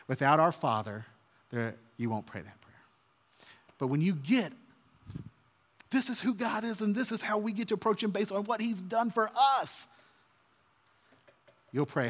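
A man's voice: on the high side, animated, unhurried. Earnest preacher man, reverberant hall. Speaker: pastor. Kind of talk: sermon.

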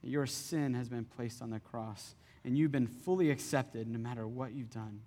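A man in his thirties preaching a sermon as pastor, conversational and animated in his storytelling. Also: medium pitch, moderate pace. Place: church hall. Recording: reverberant church hall.

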